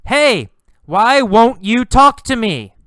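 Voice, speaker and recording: A man voicing an eager young man who calls out loudly to a girl in a storybook-style lesson. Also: very high voice, big pitch swings, slow pace, no echo, clean studio sound, pitched above the performer's own voice, exaggerated voice. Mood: eager calling. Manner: loud, calling out.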